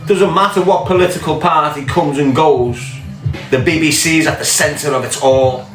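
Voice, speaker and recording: A man's voice: on the high side, moderate pace, roomy sound, music in the background, rough recording. A man with a Scouse accent, ranting angrily in a monologue and swearing as he fires off pointed questions. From Liverpool, England. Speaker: podcast host. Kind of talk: impassioned monologue.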